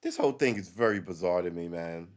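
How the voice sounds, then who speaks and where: A man's voice: low voice, expressive, quick pace. A man hosting a live stream, rambling through casual commentary, correcting himself and reading the chat aloud.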